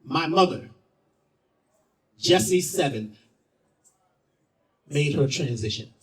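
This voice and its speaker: A theatrical man tells a story on stage, his high voice swooping up and down. He swings between loud lines and hushed ones and repeats phrases for effect. He is heard from some way off the mic. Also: expressive, slow, far from the mic, poor audio. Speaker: spoken-word performer at a festival. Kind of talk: dramatic personal storytelling.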